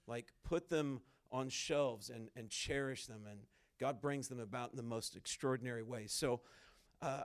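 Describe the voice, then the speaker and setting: A man speaking at a conference in a conversational, animated sermon style, acting out quoted dialogue as he tells a story. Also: medium pitch. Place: conference hall stage.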